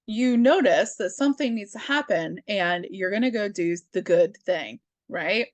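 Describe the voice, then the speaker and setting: Slow, rambling woman reading comics aloud. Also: medium pitch, expressive, no room sound. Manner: chatty and rambling, full of fillers and asides; jokey, amused by her own jokes. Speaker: comic book reader and channel host. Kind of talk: casual comic book reading commentary.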